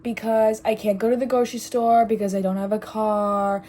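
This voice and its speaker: Hoarse young woman rambling sarcastically. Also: medium pitch, level tone, moderate pace, warm tone. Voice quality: raspy. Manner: rambling, sarcastic, easily sidetracked. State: hoarse from recent illness. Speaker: vlogger. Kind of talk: casual rambling vlog. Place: small bedroom at home.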